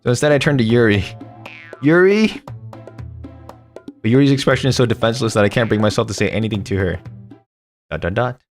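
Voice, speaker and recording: With a fairly low, steady voice delivered rapid-fire, this young streamer reads a story game's text aloud and chats with viewers. He's playful and jumps between voices, and faint music plays behind him.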